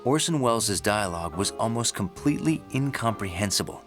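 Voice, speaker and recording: A man narrating a film history documentary in a measured, scripted storytelling style. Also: on the low side, expressive, music in the background.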